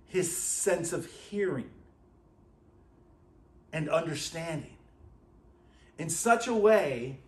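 A male pastor preaching a sermon, emphatic and repeating his phrases, at times dropping to a quiet, intense tone. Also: on the high side. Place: church sanctuary. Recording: echoey church room.

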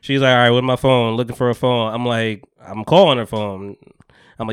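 A man's voice: mid-range voice, fairly even intonation, brisk, clean tone, no room sound, studio quality. A man co-hosting a podcast, telling a profane story with laughs and acting out both sides of the conversation. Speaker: podcast co-host.

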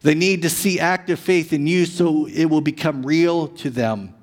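A high-pitched man preaching a Sunday sermon. He moves between loud bursts of emphasis and soft, stretched-out phrases, and his voice rings with the long reverb of a church hall. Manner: animated preaching, swinging between loud emphasis and hushed, drawn-out lines. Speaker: pastor. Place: church sanctuary.

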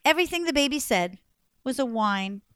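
A woman telling a funny traditional story with expressive delivery and dramatic pauses. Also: sits high, smooth, no room sound, studio quality. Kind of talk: animated storytelling.

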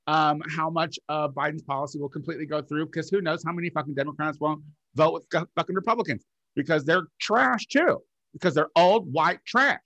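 A man's voice: on the high side, brisk, bright, forceful tone, no echo, dull audio. A man co-hosting a podcast in casual chat, rambling with lots of fillers and swearing. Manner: rambling, profane, many filler likes. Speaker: podcast co-host.

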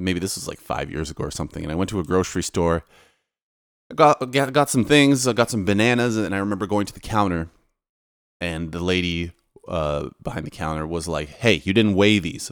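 A man's voice: low-pitched, clear, resonant tone, dry recording, studio quality. A man, talking to camera in a loose, rambling monologue with lots of restarts. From Canada. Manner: rambling, relaxed, many restarts. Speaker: DJ and vlogger. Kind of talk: casual monologue.

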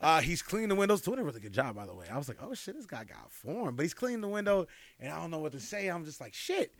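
A man's voice: on the high side, sing-song, racing, gravelly, dry recording. A man co-hosting a podcast in casual chat, telling a story with slang and frequent laughs. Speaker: podcast co-host.

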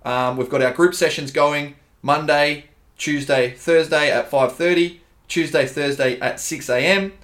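A man's voice: fairly high pitch, fairly even intonation, a little slow, fairly bright tone. An Australian man co-hosting a casual podcast, laid-back and swearing freely, calling his listeners dude and bro. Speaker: podcast co-host, gym owner and coach.

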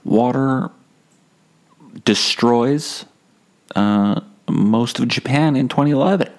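A man hosting a solo comedy podcast, rambling in a deadpan, profane, self-mocking way. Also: mid-range voice, slow.

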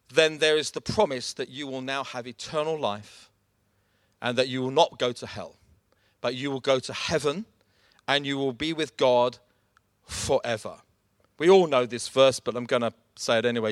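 A man's voice: medium pitch, moderate pace, dry recording, clean studio sound. A man preaching a sermon, emphatic and direct, calling his listeners folks.

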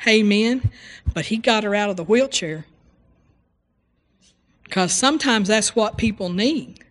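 A woman's voice: medium pitch, unhurried, in a large hall. A woman preaching a sermon, retelling a story and acting out the voices in it. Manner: animated storytelling, acts out voices in quotes.

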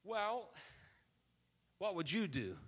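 A man in his fifties preaching a sermon as a pastor, telling a story and then building to loud, emphatic preaching. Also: high-pitched, big pitch swings, very slow, husky. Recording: long reverb of a large hall.

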